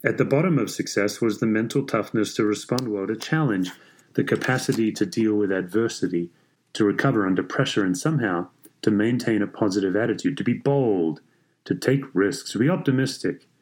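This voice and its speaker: A man reading a story aloud in a measured, even way. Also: fairly low pitch. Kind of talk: scripted story narration.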